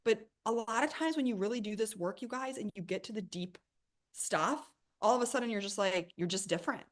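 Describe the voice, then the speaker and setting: A middle-aged woman hosting a live money coaching workshop, answering chat questions with emphatic, energetic talk and calling her viewers "you guys.". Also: medium pitch, brisk.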